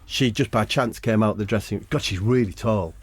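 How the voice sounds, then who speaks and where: A man's voice: fairly low pitch, a little fast, husky, no room sound. A man co-hosting a comedy podcast, telling rambling comic stories. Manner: rambling, animated voices in stories. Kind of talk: comic storytelling.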